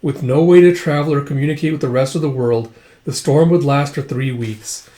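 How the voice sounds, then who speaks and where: A man's voice: medium pitch, moderate pace, dark tone. A man giving casual, blunt commentary while he reads through a comic and swears freely. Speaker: comic reviewer.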